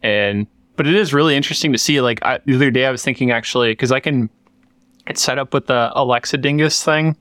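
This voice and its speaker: Clear-voiced man rambling in casual chat. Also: mid-range voice, fast, a bit bright, dry recording. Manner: rambling, many fillers and restarts. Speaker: podcast co-host. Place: workshop.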